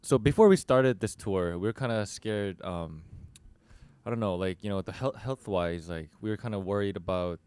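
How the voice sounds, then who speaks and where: A young man guesting in a radio interview, talking hesitantly with many pauses and fillers. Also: fairly low pitch, darkish tone, clear, resonant tone, no room sound. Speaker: band member guest. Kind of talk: casual interview talk. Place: radio studio.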